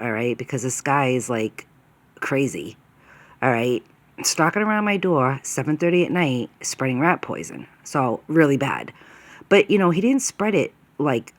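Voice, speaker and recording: A woman telling a personal story in a casual, rambling way, upset, with fillers like "okay?" and "right?". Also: a bass voice.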